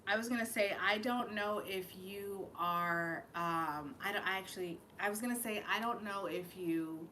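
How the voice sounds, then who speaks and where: A woman's voice: medium pitch, moderate pace, hardly any pauses, bright, forceful tone, a little hiss or hum. A woman giving a live-streamed channeled reading, emotional and fighting back tears, rambling and swearing as she goes. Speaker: psychic reader hosting a live stream.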